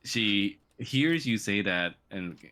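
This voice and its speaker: A man narrating as game master in a tabletop game, relaxed, with filler words. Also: lowish voice, takes it slowly.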